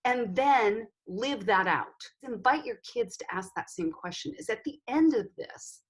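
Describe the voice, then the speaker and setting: A woman guest counselor giving advice in an interview, coaching fathers in an animated, direct way. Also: fairly high pitch, a little slow, slightly rough.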